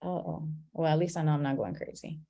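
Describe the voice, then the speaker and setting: A woman leading an online class on a video call, talking in a relaxed, chatty way and laughing at her own slips. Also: low-pitched, fast talker, gravelly. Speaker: class facilitator.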